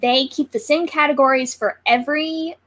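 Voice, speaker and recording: A woman co-host on a video call, giving a steady play-by-play recap of a game show match. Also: high-pitched, moderate pace.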